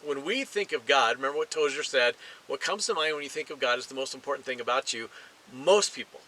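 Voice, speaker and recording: A middle-aged man preaching a sermon, emphatic and deliberate, slowing down to stress key phrases. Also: mid-range voice, sharp tone, a little hiss or hum, rough recording. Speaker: pastor.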